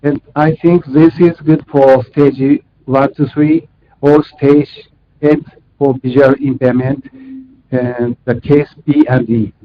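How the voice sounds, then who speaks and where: A man's voice: medium pitch, fairly even intonation, a little hiss or hum. A man giving a technical conference presentation over a video call, speaking hesitantly and correcting himself as he goes. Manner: hesitant, halting with self-corrections. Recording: muffled video-call audio.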